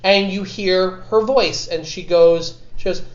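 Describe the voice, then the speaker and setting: A man narrating a tabletop game as game master, halting and restarting as he describes scenes. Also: high voice. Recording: echoey muffled room recording.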